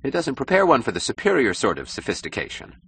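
A man's voice: medium pitch, huge pitch swings, fast, vocal fry, a bit bright, a little hiss or hum, pitched above the performer's own voice, exaggerated voice. A man voicing an ambitious young male architect who talks eagerly and stammers when flustered in an audiobook.

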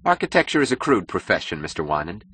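A man's voice: low-pitched, very animated, quick pace, a bit bright, a little hiss or hum. A man voicing an ambitious young male architect who talks eagerly and stammers when flustered in an audiobook.

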